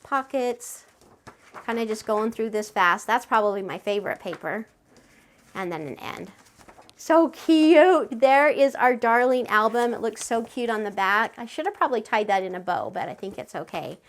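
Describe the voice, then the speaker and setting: A woman hosting a step-by-step craft tutorial, chatty and friendly, gushing with excitement over her project. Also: mid-range voice, moderate pace.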